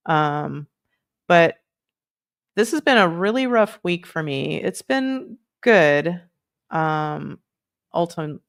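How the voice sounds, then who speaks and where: Unhurried, low-voiced woman host, rambling. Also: vocal fry. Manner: rambling, chatty, many fillers, playful asides. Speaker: livestream host. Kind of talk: casual livestream chat.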